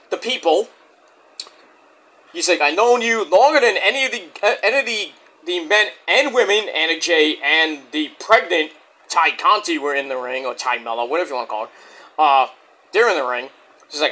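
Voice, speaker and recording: A man's voice: fairly high pitch, moderate pace, long pauses. A man casually reviewing a wrestling show, rambling and cursing freely as he recaps. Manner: profane, rambling, animated.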